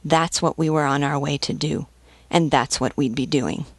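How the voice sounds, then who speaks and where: A woman reading aloud, voicing an old nobleman who speaks calmly and persuasively. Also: deep voice, no room sound. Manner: calm, measured, persuasive. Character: stern old nobleman, serene and commanding. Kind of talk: audiobook reading.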